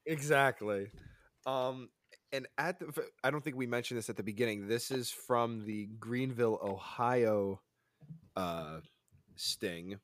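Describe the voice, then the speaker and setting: Slow, easygoing podcast host man. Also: mid-range voice, fairly bright tone, dry recording, studio quality. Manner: laid-back, laughs easily, steers the talk. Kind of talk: casual chat.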